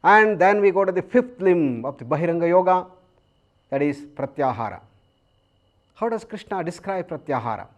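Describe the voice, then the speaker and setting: Man, indian english accent, yoga teacher, calm measured lecture, slightly high voice. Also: lo-fi sound. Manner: calm, measured explanation with long pauses; chants Sanskrit verses slowly.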